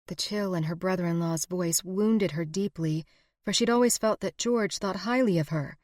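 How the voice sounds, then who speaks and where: A woman narrating a historical romance audiobook in a steady, expressive reading. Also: on the low side, moderate pace, no room sound, studio quality. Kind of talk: scripted narration.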